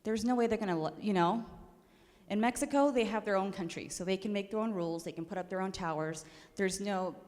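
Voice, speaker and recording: A woman's voice: mid-range voice, brisk, darkish tone. A young woman from the Navajo Nation, a rancher, speaking casually and emotionally at a panel, laughing often. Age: young adult. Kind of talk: casual public comments. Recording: echoey hall.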